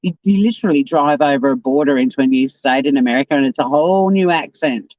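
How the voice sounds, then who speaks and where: A woman's voice: a bass voice, fast talker, no room sound, highs cut off. Chatty sweary Australian woman streaming. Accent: South Australian. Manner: chatty, rambling, sweary and blunt. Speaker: YouTube livestream host. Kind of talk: casual livestream chat, reading comments.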